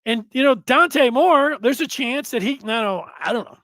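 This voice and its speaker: A man with a high, bright-edged voice hosts a casual sports commentary show. He rambles excitedly, doubles back and corrects himself mid-sentence. The sound is close and dry, with no room echo. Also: normal speed. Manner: rambling, animated, frequent self-corrections. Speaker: sports podcast host.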